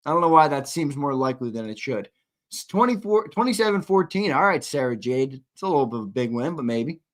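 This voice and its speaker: A man's voice: medium pitch, lively intonation, fairly quick. A man hosting a live sports talk show, chatting casually and reading viewer comments aloud.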